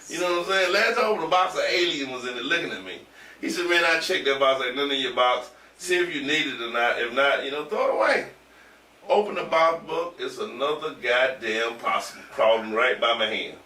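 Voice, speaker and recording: A man telling a rowdy story in casual chat, animated, laughing and swearing as he goes. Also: medium pitch, fairly quick. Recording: roomy echo from far off with faint ambience.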